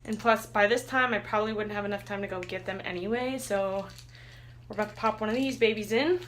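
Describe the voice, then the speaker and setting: A young woman speaks straight to her camera in a confessional vlog and thinks aloud as she goes. Her voice sits in a middle pitch. A faint hiss runs under the recording. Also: brisk, poor audio. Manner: candid, rambling confessional talk. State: near tears, anxious. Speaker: vlogger. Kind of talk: personal vlog diary.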